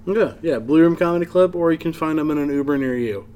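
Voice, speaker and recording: A man's voice: a little high, fast talker, a little mellow, a little hiss or hum. A man hosting a podcast in a comedy club, chatting casually, laughing easily and swearing along with his guest. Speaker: podcast host. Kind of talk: casual chat.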